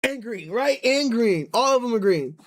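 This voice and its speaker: A man with a high voice rants through a casual live stream. He rambles, restarts his sentences and keeps circling back to the same point. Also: expressive, normal speed. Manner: ranting, rambling with many restarts. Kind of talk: casual chat.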